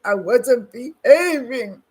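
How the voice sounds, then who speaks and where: A woman mimics a small boy begging his mommy in a high, whining plea. The voice has a husky grain underneath. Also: lively intonation, takes it slowly, darkish tone, full character voice, low-quality recording. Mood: pleading. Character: whiny little boy pleading with his mother.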